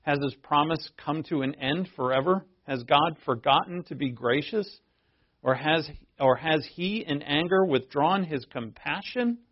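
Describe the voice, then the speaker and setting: A man preaching a sermon, talking conversationally and reading scripture aloud, with emphatic bursts. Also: fairly high pitch. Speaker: pastor. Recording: dull lo-fi sermon recording.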